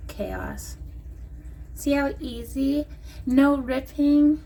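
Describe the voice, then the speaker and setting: A woman's voice: high-pitched, extremely slow, mellow. A woman chatting to camera at home as a vlogger selling nail strips, rambling and joking as she goes. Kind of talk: casual chat to camera. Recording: distant mic with clear background noise.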